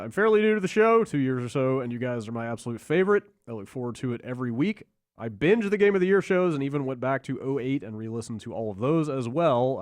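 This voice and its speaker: A male podcast host with a mid-range voice reads listener emails aloud in a wry, casual way. The sound is dry, close and free of room echo. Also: mid-range voice. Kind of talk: casual chat.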